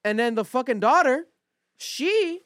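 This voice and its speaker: A man's voice: very high voice, lively intonation, unhurried, fairly bright tone, dry recording, studio quality. A man hosting a podcast in casual chat, recapping things loosely and swearing freely. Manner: profane, loose retelling. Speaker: podcast host.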